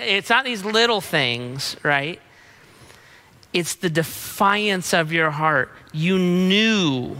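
A man's voice: fairly high pitch, bright, forceful tone. A man preaching a sermon in a punchy, emphatic way, mixing in casual slang. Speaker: pastor.

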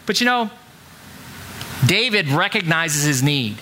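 A man's voice: sits high, lively intonation, normal speed, pushed and bright. A middle-aged male pastor giving a conversational sermon in a church, full of rhetorical questions.

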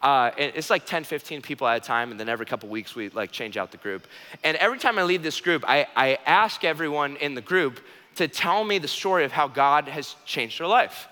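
A man preaching a sermon in an animated, joking way, repeating key phrases and restarting sentences. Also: on the high side, brisk, long reverb tail. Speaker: pastor.

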